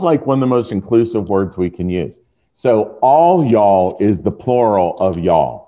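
Deep-voiced Southern man on a dull call line. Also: sing-song, unhurried. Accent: Southern American. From American South. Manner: warm, explanatory, folksy. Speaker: podcast guest. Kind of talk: casual conversation over a video call. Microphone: video call.

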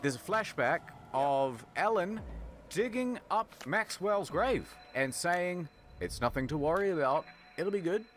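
Lively young man mocking a game plot. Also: sits high, faint music behind. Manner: mocking, voices characters in quick snippets. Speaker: comedic game recapper. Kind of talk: comedic retelling of a game plot.

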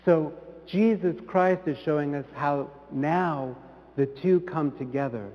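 A man's voice: on the high side, slow pace, long reverb tail, lo-fi sound. Earnest male priest preaching in a church. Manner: earnest, rising to emphatic peaks then dropping soft. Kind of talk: sermon.

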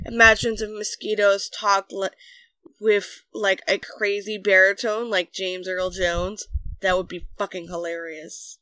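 A narrator reading online comments aloud in a deadpan way with sudden bursts. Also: mid-range voice, a little slow, no room sound. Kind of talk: scripted narration.

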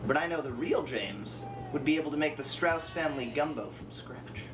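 A man's voice: fairly high pitch, animated, moderate pace, over loud music, natural voice. A man playing a wry heir who narrates and sets his cousin a series of challenges in a dry, matter-of-fact way. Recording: noisy film soundtrack.

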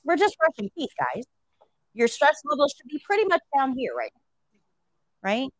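Woman nursing teacher, storytelling to a class, swooping lively pitch, rhetorical questions. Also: measured pace, no room sound, rough recording. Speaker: nursing instructor.

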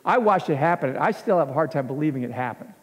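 A man preaching as pastor, telling a story in an animated way and acting out the scenes in a church. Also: fairly high pitch, fast. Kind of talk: sermon storytelling. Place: church sanctuary. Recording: long church hall reverb.

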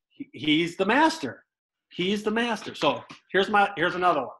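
A middle-aged man telling lively stories as a guest, a former baseball player. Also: on the high side, moderate pace, a little hiss or hum, rough recording. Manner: animated, lively storyteller. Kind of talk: storytelling anecdotes.

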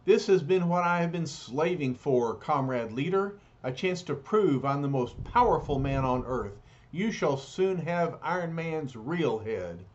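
A man's voice: a little high, lively intonation, a little slow, hardly any pauses, highs cut off. A man reading a storybook aloud, voicing an arrogant, sarcastic male villain scientist in a haughty, precise way. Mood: triumphant.

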